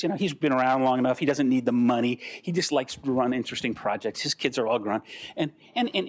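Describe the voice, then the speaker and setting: An older man giving a conference talk, animated and rambling, acting out the voices of the people in his stories. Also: fairly high pitch. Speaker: guest speaker.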